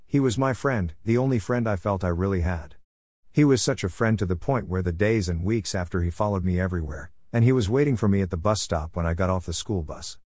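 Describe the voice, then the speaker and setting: A man with a fairly low voice tells a personal testimony as a voice-over, earnest and measured in his delivery. The sound is close and dry, with no room around it. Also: darkish tone, no room sound. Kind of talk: scripted voice-over narration.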